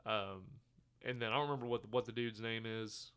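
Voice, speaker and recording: A man co-hosting a casual podcast, walking through a film's scenes and putting on the characters' lines as he goes. His voice sits a little low but rings bright and smooth. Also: fairly quick. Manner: animated retelling of scenes, acting out quotes, swearing. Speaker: podcast co-host. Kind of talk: casual movie review chat.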